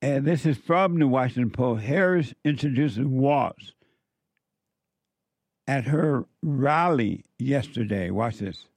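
A man's voice: medium pitch, lively intonation, takes it slowly, darkish tone, dry recording. A man delivering an opinion monologue, repeating his warnings with heavy emphasis. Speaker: political commentator.

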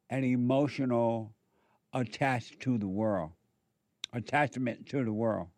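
A male preacher delivering a sermon at an unhurried, deliberate pace. He hammers on repeated phrases and speaks directly to his listeners, and the sound is dry and close. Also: medium pitch, darkish tone, no room sound. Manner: repetitive, exhorting, addresses listeners directly.

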